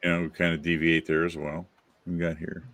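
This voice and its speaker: A man hosting a casual movie chat, enthusiastic and quick to laugh. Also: low-pitched, little pitch movement, fairly bright tone. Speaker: podcast host.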